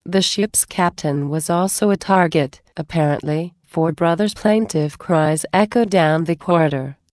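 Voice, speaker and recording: A woman reads a story aloud in a steady, measured way. Her voice sits a little low and moves slowly. The recording is dry and close, with no room sound. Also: no room sound. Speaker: narrator. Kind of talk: reading fan fiction aloud.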